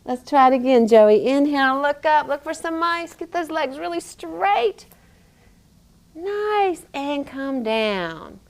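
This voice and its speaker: A woman's voice: high-pitched, big pitch swings, takes it slowly. A woman yoga teacher and physical therapist guiding a child through a yoga class, encouraging and playful, with animal sounds.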